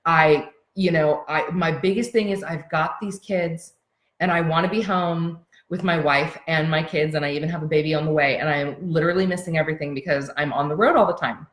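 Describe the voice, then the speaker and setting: A woman doing an overworked traveling father, dropping into a lower voice to tell his side. Earnest and overwhelmed, he pours it out in a roomy space. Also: steady tone, brisk, lightly acted. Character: stressed male speaker, busy traveling father.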